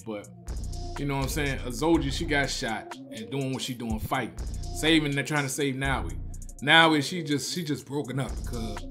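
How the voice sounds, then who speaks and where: Animated man retelling a movie, bright voice. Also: a little high. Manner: animated, emotional storytelling with slang and repeated "man". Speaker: movie reviewer. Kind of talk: casual spoken movie review.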